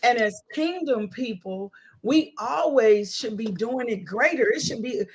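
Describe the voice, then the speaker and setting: A woman hosting a faith podcast, her voice sitting a little high. She speaks in an emphatic, preachy way and repeats key phrases for effect. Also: animated, unhurried, a little mellow. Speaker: host and ministry leader. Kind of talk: casual faith podcast conversation.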